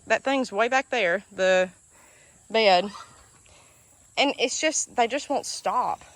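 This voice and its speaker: A woman's voice: fairly high pitch, fairly bright tone. A woman with a Southern US accent from Alabama, chatting emotionally to viewers while walking outdoors through her garden. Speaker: homestead vlogger. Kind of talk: casual vlog, walking tour of garden. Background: chickens and ducks, outdoor ambience.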